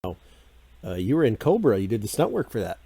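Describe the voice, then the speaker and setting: A man's voice: fairly low pitch, wildly swooping pitch, moderate pace, vocal fry, crowd noise. A male interview host, an eager fan, asking questions and reacting briefly. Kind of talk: casual interview.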